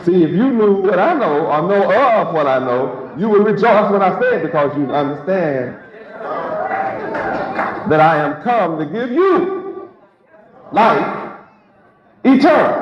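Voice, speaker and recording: A religious teacher delivers a sermon in an emphatic, rhetorical style, drawing out key words. His high-pitched voice is very animated, a little slow, and pauses often. The recording is an echoey, lo-fi capture of a hall with a crowd.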